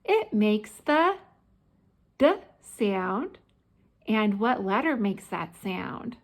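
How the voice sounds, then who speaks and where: A woman teaching small children letter sounds in a slow, sing-song voice. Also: mid-range voice, very animated. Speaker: preschool teacher. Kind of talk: children's phonics lesson.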